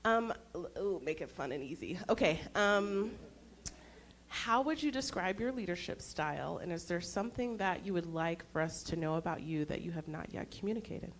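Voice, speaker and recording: A woman in the audience with a rough, sick voice asking a friendly question. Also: lowish voice, lively intonation, moderate pace, slight background noise. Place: event hall audience.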